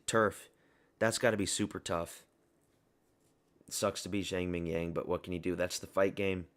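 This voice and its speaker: A man's voice: sits low, fairly even intonation, moderate pace. A young man giving a casual, blunt and rambling fight review monologue, full of opinions and fillers. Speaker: MMA commentary YouTuber.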